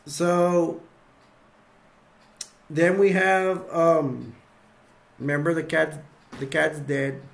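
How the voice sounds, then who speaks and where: A man's voice: fairly high pitch, level tone, extremely slow, vocal fry, long pauses. A man casually retelling movie scenes in a rambling way, acting out the characters' lines. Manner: rambling, acts out lines, lots of fillers. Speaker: video reviewer.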